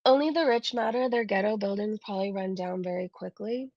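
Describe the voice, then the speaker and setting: A woman's voice: mid-range voice, fairly quick, dry recording, highs cut off. A woman hosting a casual reaction commentary, sarcastic and blunt, who swears freely and laughs through her remarks. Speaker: reaction channel host.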